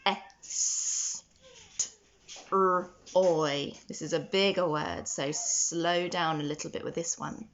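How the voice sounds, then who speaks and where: A woman teaching a children's phonics lesson, sounding out words slowly and praising often. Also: lowish voice, a bit bright, dull audio, slight background noise. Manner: slow, sounding out words letter by letter with encouraging praise.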